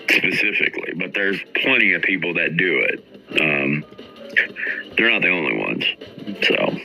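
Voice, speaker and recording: A man's voice: fairly low pitch, gravelly, bright, forceful tone, low-quality recording. A man hosting a stream, ranting with mocking, profane commentary about other people. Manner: combative, mocking, swears constantly. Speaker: streamer host.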